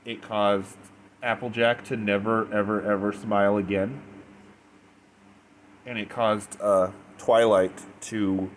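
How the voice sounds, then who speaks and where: Man, casual reviewer, low voice, rambling retelling, lots of "like", faint hiss behind. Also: flat delivery, slow, pauses often. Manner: rambling retelling full of "like" and restarts. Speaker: fanfiction reviewer.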